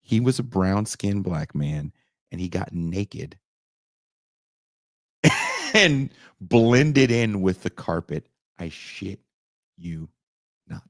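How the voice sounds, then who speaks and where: A man on a podcast telling a story casually, animated and profane, often leaping up in pitch for emphasis. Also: slow, pauses often, no echo, studio quality. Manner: animated, profane, jumps into high voices for emphasis.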